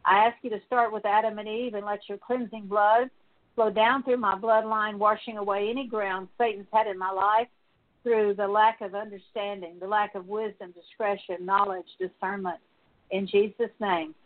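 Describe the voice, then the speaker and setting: A woman praying aloud as a minister, leading a spoken prayer of confession as a steady litany of repeated petitions. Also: medium pitch, moderate pace. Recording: tinny phone-like sound.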